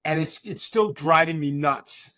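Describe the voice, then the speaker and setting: Tattoo artist dude on a remote call, cusses a lot, gets worked up telling stories, dry mic. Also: male voice, fairly high pitch, unhurried, no echo. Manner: profane, excitable storytelling. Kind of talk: remote casual conversation.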